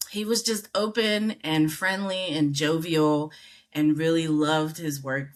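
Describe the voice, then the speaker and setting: A middle-aged American woman telling a story as an interview guest, acting out the people she quotes with big jumps in her voice. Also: low-pitched. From United States. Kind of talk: casual storytelling.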